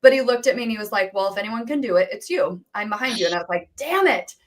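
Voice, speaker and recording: A woman who is a business coach, telling her story as an interview guest in an animated way and acting out quoted dialogue. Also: medium pitch, very fast.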